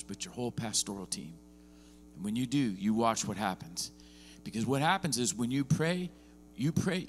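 A man's voice: medium pitch, a little hiss or hum. A man preaching as a visiting pastor, often rising into emphatic bursts and checking in with the congregation. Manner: lively preaching with rising, emphatic bursts and frequent "are you with me?". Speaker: guest pastor. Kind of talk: sermon. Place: church.

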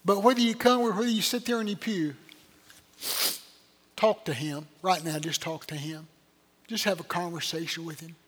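A man's voice: high voice, normal speed, pauses often, a bit bright, slightly rough. An older man, preaching a sermon as a pastor in a folksy, earnest storytelling manner. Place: church sanctuary. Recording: long hall reverb.

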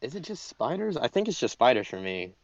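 A man's voice: mid-range voice, big pitch swings, a little fast, no echo. A man talking in a casual group chat from a closet, laid-back and joking, swearing constantly. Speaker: podcast co-host. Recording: dull lo-fi audio.

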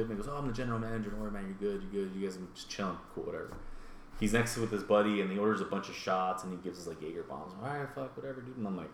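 A man telling a story in casual chat, animated and profane, acting out the people in it. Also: fairly low pitch, very fast. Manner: animated, swears, acts out voices. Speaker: podcast co-host telling a story. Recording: roomy echo, faint room noise.

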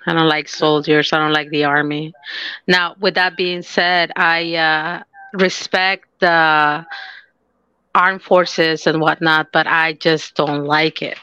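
A young adult woman from Mexico with a Mexican accent, co-hosting a casual podcast chat, animated and prone to stumbling restarts. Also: low voice, takes it slowly, clear, resonant tone, no echo, muffled recording. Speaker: podcast co-host.

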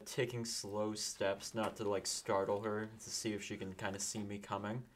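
Man, lowish voice, casual tabletop player, deliberate. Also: little pitch movement, slight background noise. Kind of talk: tabletop role-play.

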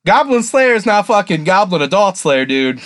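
A man's voice: high voice, very animated, normal speed, a bit bright. A man co-hosting a casual podcast, talking profanely and acting out characters' lines as he recaps. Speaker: podcast co-host.

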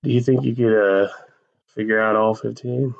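A man's voice: mid-range voice, steady tone, normal speed, creaky, dull audio. A man co-hosting a podcast, teasing his friend in blunt, profane banter. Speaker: podcast co-host.

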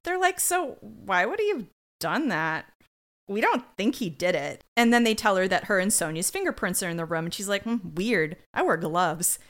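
A woman's voice: medium pitch, very animated, normal speed. A young woman co-hosting a podcast, recapping a TV episode in dry, profane casual chat and acting out the characters' lines. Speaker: podcast co-host.

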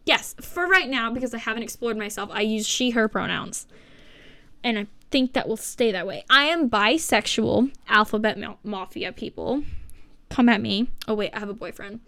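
A woman's voice: a little high, expressive, moderate pace, pushed and bright, dry recording. Rambling seventeen-year-old girl podcaster. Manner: rambling, self-mocking and sarcastic, with swearing. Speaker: podcast host. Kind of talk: casual solo podcast chat. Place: living room at home.

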